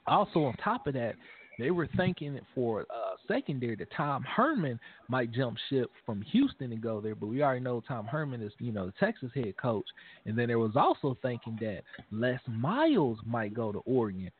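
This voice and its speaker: A man co-hosting a casual sports talk show, animated and emphatic, often repeating phrases as he talks straight to fans. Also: medium pitch, moderate pace, breathy edge. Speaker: podcast co-host. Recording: phone-like narrow sound.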